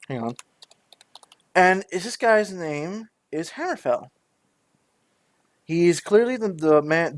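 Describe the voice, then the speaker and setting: A man running a tabletop game as game master, chatty and halting as he narrates. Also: mid-range voice, no room sound. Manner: chatty, halting, searches for words.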